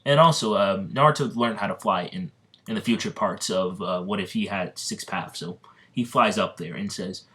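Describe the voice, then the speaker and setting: A man improvising a fan-fiction story, rambling and halting with lots of fillers, restarts and giggles. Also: lowish voice, expressive, fairly bright tone.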